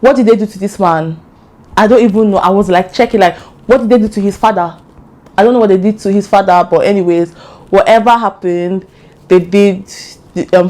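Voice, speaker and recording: A young woman with an African accent, casually telling a true crime story as a vlogger, chatty and animated with asides. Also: mid-range voice.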